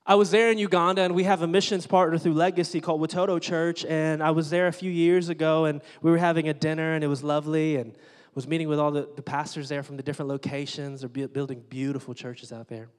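A man's voice: on the high side, little pitch movement, quick pace. A man preaching a sermon as a pastor, in a candid, joking, conversational way, in a large church auditorium. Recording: long hall reverb.

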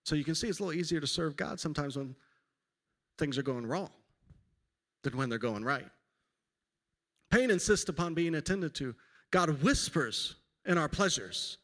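A man in his forties delivers a conversational sermon, slipping in dry self-deprecating asides and family stories. His voice sits a little high for a man, and a long reverb trails each phrase through the church hall. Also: lively intonation, moderate pace, long pauses, fairly bright tone. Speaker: pastor. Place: church sanctuary.

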